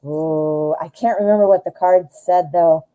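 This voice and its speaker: A woman hosting a live tarot stream, chatty, excitable and often giggling as she reads the cards. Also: fairly low pitch, measured pace, low-quality recording.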